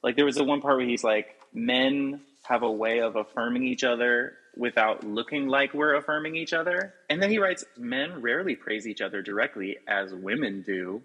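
A man in casual podcast conversation, talking in an animated, emphatic way and laughing often. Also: mid-range voice, normal speed, creaky, few pauses, poor audio. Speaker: podcast guest. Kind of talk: casual critical chat.

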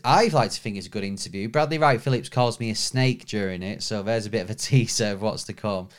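A man's voice: fairly low pitch, fast, clear, resonant tone. A man hosting a football podcast, chatting casually and laughing easily. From United Kingdom. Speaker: podcast host.

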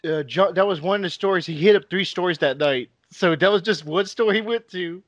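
A man's voice: high-pitched, fairly quick, no room sound, lo-fi sound. A man co-hosting a podcast in casual chat, telling stories and laughing often. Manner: laughs often, animated storytelling. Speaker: podcast co-host.

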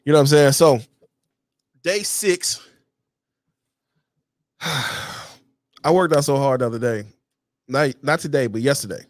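A man's voice: medium pitch, slow, pauses often, no echo, clean studio sound. A man hosting his own show, talking casually and bluntly to camera with heavy profanity and a constant "you know what I'm saying". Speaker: podcast host.

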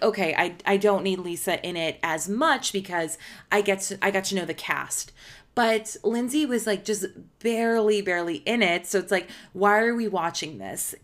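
A woman's voice: medium pitch, a bit bright. A woman hosting a podcast, telling a celebrity story in a chatty, casual way with lots of "like" and laughter. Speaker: podcast host.

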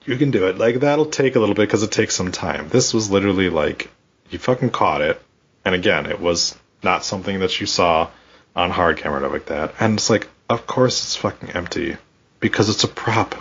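Co-hosting a laid-back wrestling podcast, this man rants with animated energy and swears constantly. His voice is low and runs slightly quick, and the dull recording has a touch of hiss or hum.

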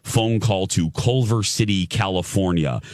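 A man's voice: deep voice, a little slow, darkish tone, no echo, clean studio sound. A middle-aged man from Indiana hosting a radio show, telling a story in casual chat with stammered restarts and laughter at himself.

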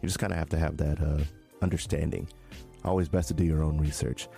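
Deep voiced dude cohosting, chill and kinda halting, little bit of music in the back. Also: male voice, vocal fry. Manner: relaxed, hesitant, repeats "you know what I'm saying". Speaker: co-host. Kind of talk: casual crypto news chat.

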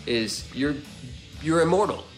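A man's voice: on the high side, expressive, a little slow, faint music behind. Easygoing podcast co-host man. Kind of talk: casual comedic chat.

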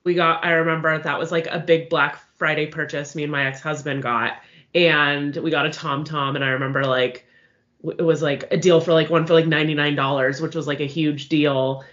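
A woman's voice: low-pitched, steady tone, brisk, fairly bright tone, highs cut off. A woman in her thirties co-hosting a podcast, chatting casually and telling stories with lots of "like". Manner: chatty storyteller, lots of "like" fillers. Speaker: podcast co-host. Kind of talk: casual chat.

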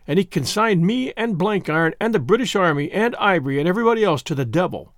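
A man narrating a first-person adventure story in measured storytelling, acting out the dialogue. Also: high-pitched, lively intonation, no room sound, clean studio sound. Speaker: audiobook narrator.

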